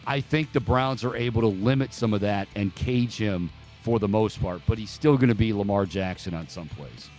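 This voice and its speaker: A man's voice: fairly low pitch, moderate pace, hardly any pauses, a little mellow, faint music behind. A man hosting a studio sports talk show, breaking down plays and rattling off upbeat plugs and a sign-off. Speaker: sports radio host.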